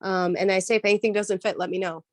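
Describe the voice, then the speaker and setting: A woman voice actor, a guest in a casual interview, explaining her work in a lively way with many "um"s and "like"s. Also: medium pitch, quick pace, no room sound.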